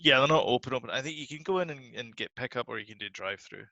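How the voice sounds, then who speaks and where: Gravelly bright-voiced man. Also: mid-range voice, lively intonation, racing, dry recording, muffled recording. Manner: chatty, laughs easily, restarts words. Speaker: podcast co-host. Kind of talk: casual chat.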